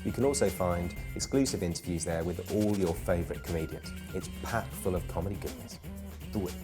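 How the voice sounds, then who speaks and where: A man's voice: deep voice, brisk, over music. A man hosting a comedy gig guide in a playful, self-mocking way, wandering off into rambling asides. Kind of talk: jokey scripted presenting.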